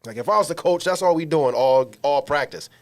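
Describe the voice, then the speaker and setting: An animated man co-hosting a podcast, his voice sitting a bit high and swinging widely in pitch. He tells comedic stories in slangy, emphatic casual chat. He is recorded in a small studio. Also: brisk. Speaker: podcast co-host.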